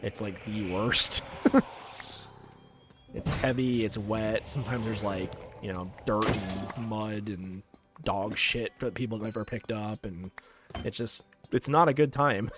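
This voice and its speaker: A man's voice: fairly low pitch, takes it slowly. A young man from Canada streaming a game, chatting casually and rambling with lots of ums and likes. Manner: laid-back, rambling, many ums and likes. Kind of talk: casual live-stream chat while gaming. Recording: game music playing under the voice.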